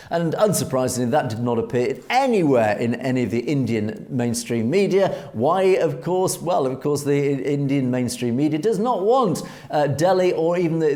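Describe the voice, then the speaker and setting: A man's voice: mid-range voice, mellow. A man co-hosting a political news commentary show, speaking emphatically with frequent hesitations. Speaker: co-host.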